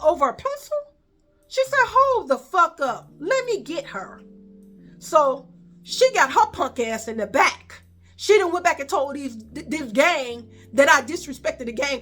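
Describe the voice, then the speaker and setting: A woman with a Chicago accent tells a story straight to the camera, loose and profane. She jumps into the voices of the people in it as she goes. Her voice sits high and bright. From Chicago, USA. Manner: animated, profane, acts out quoted voices. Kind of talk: casual storytime.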